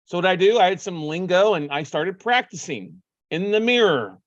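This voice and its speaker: Guy telling a story, acts out the calls, kinda higher voice, dry close sound. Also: normal speed, dry recording, dull audio. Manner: animated, acts out his own phone calls. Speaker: podcast host. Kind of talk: casual storytelling.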